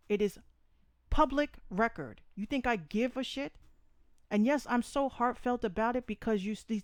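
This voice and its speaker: A woman's voice: on the high side, darkish tone, no room sound, clean studio sound. A woman hosting a live podcast, ranting in a blunt, profane and emphatic way, repeating her points. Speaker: podcast host. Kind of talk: opinionated live podcast rant.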